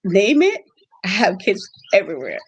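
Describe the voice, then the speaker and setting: Woman guest, lively storyteller, voices the people she quotes, faint noise behind. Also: medium pitch, moderate pace, rough recording. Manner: animated storyteller, acts out quotes. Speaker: host family mom for exchange students. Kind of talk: storytelling interview chat.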